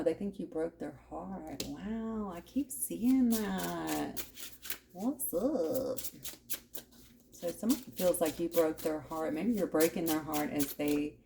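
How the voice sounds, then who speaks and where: Low-voiced woman giving a tarot reading. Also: creaky, dark tone, slight background noise. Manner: conversational, musing aloud, frequent asides. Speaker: tarot reader.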